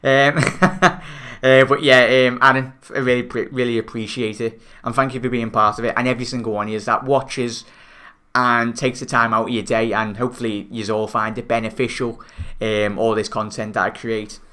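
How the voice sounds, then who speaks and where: A man's voice: medium pitch, flat delivery, moderate pace, pushed and bright, smooth. A young man from Liverpool with a Scouse accent, chatting on his football fan stream, reading viewer comments and calling them mate. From Liverpool, England. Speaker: football fan channel host. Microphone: new desk microphone.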